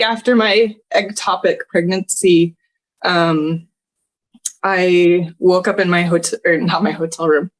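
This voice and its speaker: Tearful, earnest woman telling her story. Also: mid-range voice. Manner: earnest, tearful at times, laughs through emotion. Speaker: podcast guest. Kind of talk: emotional personal storytelling.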